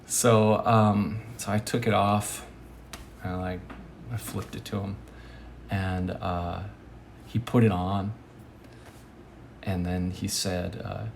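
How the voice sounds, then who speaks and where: A man's voice: low voice, flat delivery, slow pace, vocal fry, long pauses, a little hiss or hum. A man giving a rambling casual monologue, hesitant with many fillers, often dropping to a near-whisper. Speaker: vlogger.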